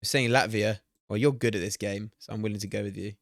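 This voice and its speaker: A man in his twenties streaming casually, excitable, swearing and chatting to his viewers. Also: on the low side, fast, dry recording, clean studio sound. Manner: excitable, swears and laughs often, talks to chat. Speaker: streamer hosting a watch party. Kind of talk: casual live-stream chat while playing a guessing game.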